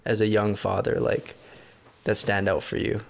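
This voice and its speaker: A man's voice: lowish voice, completely flat delivery, moderate pace, creaky. A man hosting a podcast, asking questions and answering with short affirmations. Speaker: podcast host. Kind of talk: interviewing, supportive back-channel.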